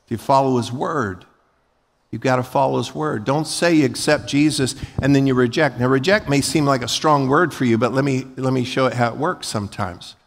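Emphatic pastor preaching in a hall. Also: male voice, mid-range voice, brisk, creaky. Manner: emphatic, rising to loud peaks; folksy, acts out short everyday scenes. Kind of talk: sermon. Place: large church sanctuary. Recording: long hall reverb.

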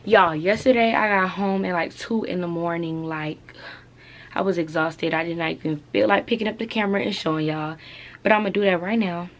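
A woman's voice: fairly low pitch, a little fast. Chatty young woman vlogging at home. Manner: chatty, loose slang, lots of "like" and "y'all". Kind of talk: casual chat to camera.

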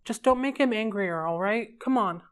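Soft anxious mom, hesitant and pleading, read by a woman. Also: medium pitch, moderate pace, smooth, lightly acted. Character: gentle worried mother, anxious and soft.

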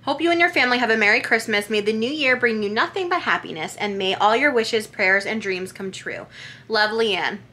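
A young woman with a bright, forceful voice chats casually to camera as a vlogger. She reads holiday cards aloud and gushes over each one, effusive and quick to praise. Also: a little high. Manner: gushing, effusive.

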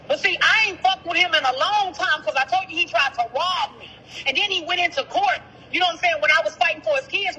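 High, bright-voiced woman caller. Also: slight background noise, low-quality recording. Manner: blunt, profane, animated storytelling with quoted dialogue. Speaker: caller, sister of the rapper discussed. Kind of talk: phone-in interview, heated storytelling.

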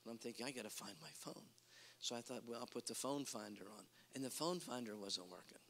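A middle-aged evangelist preaching a revival sermon, telling animated stories and bursting into squeaky voices for the people in them. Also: male voice, a little fast, a little hiss or hum. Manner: animated storytelling, jumping to squeaky quoted voices. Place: large church hall. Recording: long hall reverb.

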